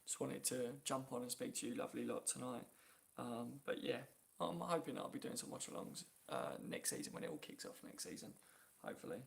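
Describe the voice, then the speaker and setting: Male stream host, chatty and laughing, gravelly edge, phone mic, reads chat out loud. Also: mid-range voice, brisk. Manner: chatty, reads viewer comments aloud, laughs often. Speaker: YouTube live-stream host. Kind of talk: casual live-stream chat.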